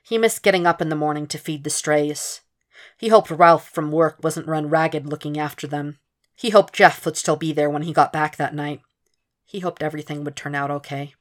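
A woman narrating a fan fiction audiobook in a steady, measured reading. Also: sits low. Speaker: podfic reader.

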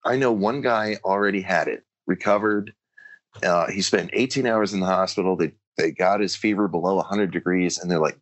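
Deep-voiced casual guest. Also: male voice, a little fast, dry recording. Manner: casual, animated storyteller using slang. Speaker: podcast guest. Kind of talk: casual chat.

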